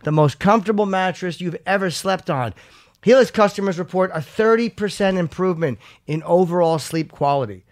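A man's voice: high-pitched, a little fast. A man hosting a casual talk show who rambles, swears freely and often restarts his sentences, also reading a sponsor ad. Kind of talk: casual chat and live ad read.

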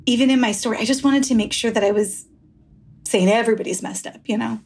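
Woman guest, gravelly and a bit husky, frank storyteller who rambles and swears. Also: fairly high pitch, quick pace, a little mellow. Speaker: author guest. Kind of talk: candid interview conversation.

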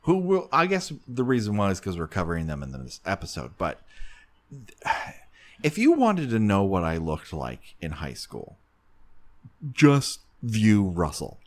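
Animated joking man. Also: deep voice, measured pace. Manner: joking, animated, frequent laughs. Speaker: podcast host. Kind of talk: casual comedic chat.

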